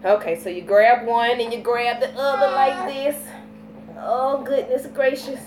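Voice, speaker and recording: A woman in her thirties with a Southern US accent, chatting casually on a live vlog, telling stories with lively baby talk. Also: fairly high pitch, normal speed, slight background noise. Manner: animated storytelling with playful baby talk. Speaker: vlogger.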